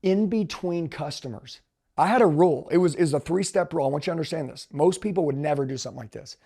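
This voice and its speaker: Intense gravelly male sales coach. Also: fast. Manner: intense, emphatic, swings from loud to low. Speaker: sales trainer. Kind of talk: motivational storytelling.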